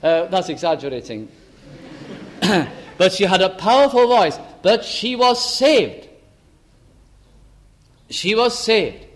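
An older man preaching a sermon into a microphone, fervent, rising to emphatic exclamations and dropping to soft asides. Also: high voice, animated, slow, long pauses. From Lancashire, England. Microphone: amplified microphone.

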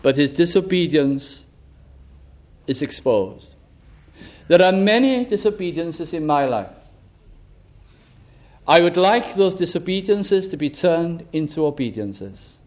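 Male preacher, high-pitched, earnest, asks pointed questions and sinks to a hush. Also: lively intonation, unhurried. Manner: earnest, probing rhetorical questions, drops to a hush. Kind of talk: sermon.

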